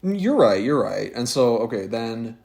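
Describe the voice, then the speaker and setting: Gravelly man in casual chat. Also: medium pitch, a little slow. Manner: animated, many fillers and restarts. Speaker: podcast co-host.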